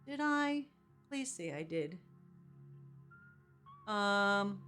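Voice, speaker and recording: A woman's voice: mid-range voice, expressive, very slow, sharp tone, faint music behind. A woman streaming a video game live, chatting casually with viewers and laughing often as she drifts into rambling asides.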